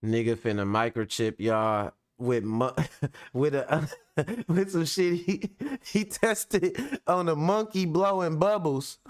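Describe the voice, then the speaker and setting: Smooth-voiced man, loose profane commentary. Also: a little high, slow. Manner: profane, animated, laughing and joking. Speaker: host of a reaction show. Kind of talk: casual reaction commentary.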